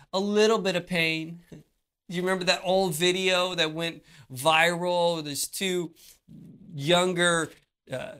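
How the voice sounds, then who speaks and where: Preacher giving a sermon, real slow and drawn out, mid pitch, keeps repeating words, lots of pauses. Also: pushed and bright.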